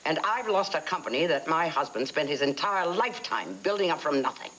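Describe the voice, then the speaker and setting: A woman's voice: low voice, animated, fairly quick, fairly bright tone, slight background noise, poor audio. A vengeful grandmother. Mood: bitter, vengeful. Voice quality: bitter and vindictive. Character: vengeful older woman bent on ruining a rival family. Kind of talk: soap opera acting.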